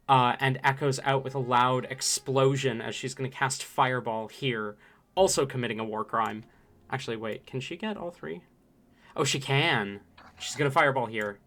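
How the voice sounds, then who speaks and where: Male game master, unhurried and meandering, bright-toned voice. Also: mid-range voice. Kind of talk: narrating a tabletop game.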